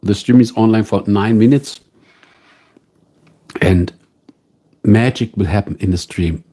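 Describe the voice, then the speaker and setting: A man with a German accent hosting a casual live stream from home, musing slowly and greeting viewers by name. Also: lowish voice, mellow, husky. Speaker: livestream host.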